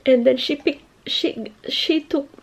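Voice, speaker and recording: Woman vlogger, 30s, high slow voice, emotional, breaking up, near tears. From United Kingdom. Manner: tearful, emotional, halting. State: crying. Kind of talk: casual family vlog.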